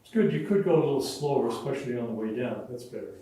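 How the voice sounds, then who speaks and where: A man coaching a workout in a gym, giving calm, brief instructions. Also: mid-range voice, fast talker, husky. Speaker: fitness coach.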